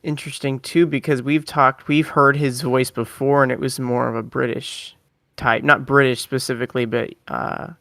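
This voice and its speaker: A man's voice: medium pitch, flat delivery, moderate pace, vocal fry, a bit bright, dry recording, clean studio sound. A man co-hosting a podcast in casual chat, hesitant and searching for words with many restarts.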